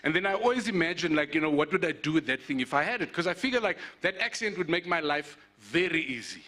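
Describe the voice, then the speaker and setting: A man's voice: fairly high pitch, fast talker. A man from South Africa in his forties, hosting an awards event with playful stand-up comedy. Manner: animated, joking, playful asides.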